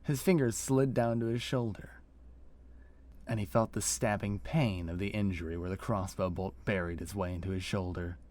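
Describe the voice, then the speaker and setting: A man reads a fantasy tale aloud as narrator. His voice is very low and deep, and he tells it in a slow, descriptive storytelling manner. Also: darkish tone.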